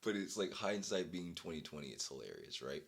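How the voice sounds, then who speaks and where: A young man with a deep voice and vocal fry talks briskly in a vlog, telling an exasperated story in a casual, animated way and bursting into laughter.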